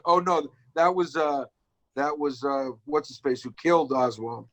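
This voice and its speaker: Guy on a podcast, blunt, calls everything nonsense, swears, kinda high voice. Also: steady tone, moderate pace, fairly bright tone, low-quality recording. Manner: blunt, profane, skeptical. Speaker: podcast co-host. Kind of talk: casual podcast chat.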